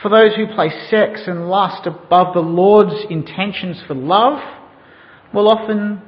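High-voiced preacher in an echoing hall. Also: male voice, unhurried. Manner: asks the listeners questions. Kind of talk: sermon with storytelling. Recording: dull sound in a reverberant hall.

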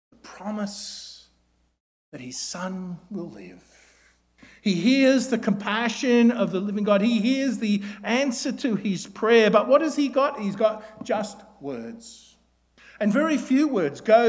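A man preaching a sermon, asking his listeners rhetorical questions and often ending his points with tag questions like "isn't it?", then dropping to a soft, slow voice when he quotes a prayer. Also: high-pitched.

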